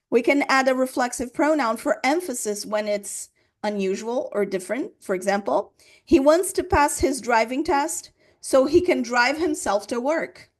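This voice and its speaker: Woman teaching grammar, fairly high. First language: Portuguese. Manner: explains patiently, repeats examples, checks with "right?". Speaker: English teacher. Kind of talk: grammar lesson explanation.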